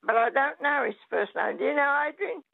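An older woman calling in to a radio show, talking in a halting, hesitant way. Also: high-pitched, lively intonation, creaky. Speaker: caller. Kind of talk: casual phone-in chat. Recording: tinny phone line.

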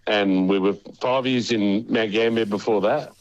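A man's voice: fairly low pitch, fairly even intonation, moderate pace, highs cut off. A man in his seventies with an Australian accent, calling in to a radio show and chatting in a friendly, easygoing way. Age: 70s. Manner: friendly and easygoing, says mate and righto. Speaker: caller. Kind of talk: casual phone-in chat.

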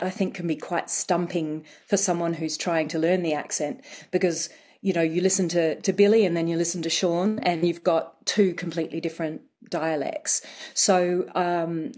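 A woman dialect coach explaining accents in a radio interview, measured and careful. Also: lowish voice, darkish tone.

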